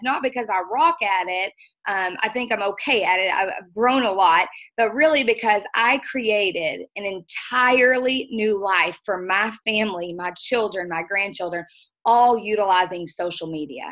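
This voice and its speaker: A woman's voice: mid-range voice, sharp tone. Earnest woman giving a pep talk. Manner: emotional, earnest, folksy. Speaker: guest trainer. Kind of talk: motivational training talk.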